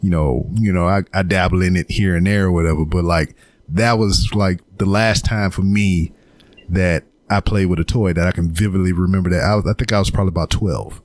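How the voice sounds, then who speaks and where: A man's voice: low-pitched, steady tone, brisk, no room sound. A man hosting a podcast in casual chat, laid-back and loose, full of fillers. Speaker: host.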